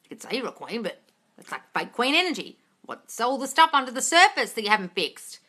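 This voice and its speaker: A woman runs a live manifesting Q&A from her phone, answering viewer comments with no filter. Her voice sits a touch high and rings bright and forceful, and she swears freely and calls everyone darling. She jumps between big emphatic bursts and low asides. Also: big pitch swings, brisk. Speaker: manifesting coach hosting a live Q&A.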